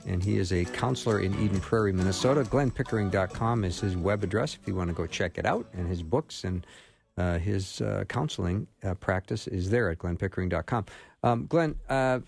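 A man's voice: low-pitched, a little fast, creaky, a little mellow, soft background music. A man hosting a call-in radio show, chatty and joking as he reads out listener questions.

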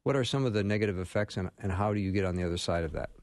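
A man hosts a talk show interview, his lowish voice steady as he asks long, measured questions. The sound is dry and close. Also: dry recording. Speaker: host.

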